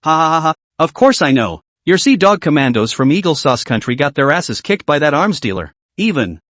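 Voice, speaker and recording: A man's voice: fairly high pitch, sing-song, brisk, fairly bright tone, no room sound. A man reading as a gloating male prisoner. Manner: taunting, then fearful.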